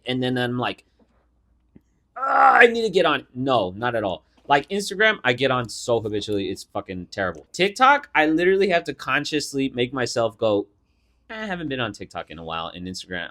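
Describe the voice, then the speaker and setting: A young man with a mid-range voice co-hosts a casual podcast with his sister, chatting in an animated, teasing and profane manner. A badly placed mic leaves him sounding a little quiet and echoey.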